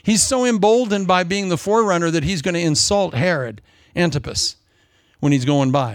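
A man preaching a sermon in a lively, jokey way, acting out quotes in different voices. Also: fairly high pitch, brisk, vocal fry, no room sound, studio quality. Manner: animated, jokey, acts out quotes.

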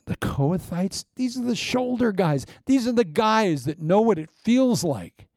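A pastor preaching a sermon in an animated style, full of laughing asides and playacted anecdotes. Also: male voice, high-pitched, a little slow, no echo.

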